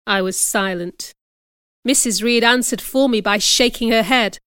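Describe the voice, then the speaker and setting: A woman narrating an audiobook in a measured, first-person storytelling voice. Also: on the high side, a bit bright, clean tone, dry recording, studio quality. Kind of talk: audiobook reading.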